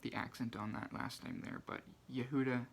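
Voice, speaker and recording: A soft-spoken book channel host with a medium-pitched voice reads favourite quotes aloud and comments on why they matter to him. His delivery is flat and at normal speed, shy and hesitant, with frequent restarts and plenty of ums and uhs. Slight background noise is audible.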